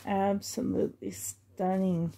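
A woman with a gravelly, husky voice talks slowly through an unboxing vlog. Her tone is dark and mellow, and she often slips into soft, fond half-whispers as she gushes. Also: mid-range voice, level tone. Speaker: reborn doll collector.

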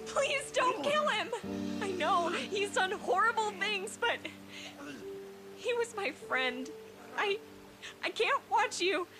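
A gentle young lioness, voiced by a woman, who pleads tearfully in a very high, slow voice. Loud music plays behind her in an animated clip. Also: exaggerated voice. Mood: desperate.

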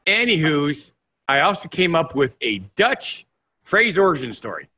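A man with a bright, fairly high voice co-hosts a casual podcast. He explains topics and reads out facts, pausing now and then to hunt for the right word. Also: sing-song. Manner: explanatory, searches for words. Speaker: podcast co-host. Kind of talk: casual chat, reading out facts.

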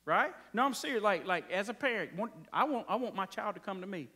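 A man's voice: high voice, animated, brisk, bright, forceful tone. A man preaching a sermon in a church, conversational and playful, stretching out key phrases for emphasis. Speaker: pastor. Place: church sanctuary.

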